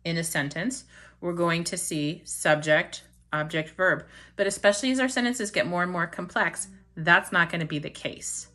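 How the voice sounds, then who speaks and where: Patient woman teaching a lower-voiced grammar lesson. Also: a bit bright. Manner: patient, explaining step by step, often checking with "okay?"; slows down to stress key words. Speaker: Latin teacher. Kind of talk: beginner grammar tutorial.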